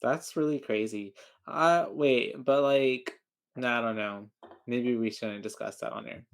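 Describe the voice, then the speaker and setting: A man co-hosting a podcast, with a voice at an average pitch. He talks loosely and agreeably, filling gaps with "um" and "like" and chiming in with quick "mm-hmm"s. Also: steady tone, gravelly. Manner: loose, agreeable, many fillers and backchannels. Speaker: podcast co-host. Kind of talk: casual chat recapping a film.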